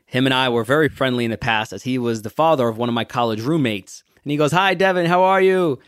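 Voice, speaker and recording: A young adult man hosts a motivational podcast, preaching and telling stories with emphasis. He slows down to lean on key words. His mid-range voice sits dry and close to the mic. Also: mid-range voice, steady tone, smooth, dry recording. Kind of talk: motivational talk with storytelling.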